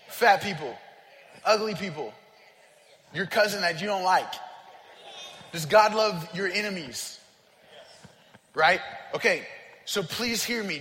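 A man in his thirties preaches a sermon, his voice pitched high and ringing with a bright, forceful edge. He keeps asking the congregation questions, then drives home repeated lines with near-shouted emphasis. A long hall reverb trails every phrase. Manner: asks the congregation questions and waits for answers. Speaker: pastor. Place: church sanctuary.

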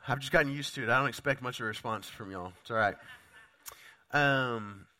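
A man's voice: medium pitch, fairly quick, bright, forceful tone. A man preaching a sermon, his voice sounding off from a lingering cough illness, talking conversationally and putting direct questions to the congregation. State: sick, voice sounds off. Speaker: pastor.

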